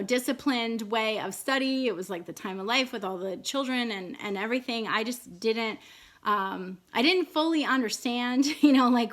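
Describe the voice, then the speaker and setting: A woman's voice: fairly high pitch, a bit bright. A woman in her thirties telling a personal story in a casual, rambling way, with many fillers and restarts. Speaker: vlogger.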